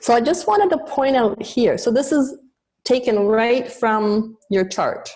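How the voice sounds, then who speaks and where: A woman's voice: on the high side, lively intonation, a little mellow. A woman yoga teacher explaining Sanskrit pronunciation, sounding out letters one by one. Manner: explanatory, demonstrates sounds slowly.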